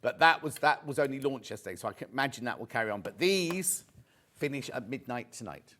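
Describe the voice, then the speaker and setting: On a live sales show in a TV studio, a man with a medium-pitched, fairly bright voice talks fairly quickly with lively intonation, chatting and joking as he pushes deals and reads out viewer messages. A little hiss or hum sits under the audio.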